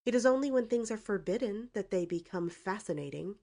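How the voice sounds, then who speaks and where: A woman voicing a brazen, sharp-tongued young woman. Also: mid-range voice, lively intonation, brisk, pitched above the performer's own voice. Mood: defiant. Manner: brazen, cutting retorts.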